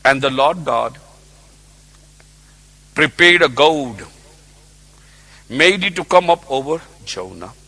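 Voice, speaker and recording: A man's voice: mid-range voice, lively intonation, slow pace, pauses often, pushed and bright. A man preaching a sermon on a Bible passage, telling the story with animation and acting out its characters.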